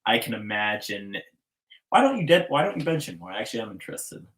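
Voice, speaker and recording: A man's voice: lowish voice, very animated, fast, fairly bright tone, poor audio. A man hosting a casual interview podcast, enthusiastic and chummy, calling his guest "man". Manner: enthusiastic, bro-ish, calls guest "man". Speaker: podcast host.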